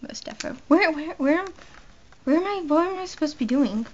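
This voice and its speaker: Lively joking woman playing a game. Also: high-pitched, normal speed. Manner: loud, joking, animated. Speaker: game player. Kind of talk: casual let's-play commentary. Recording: dull lo-fi recording.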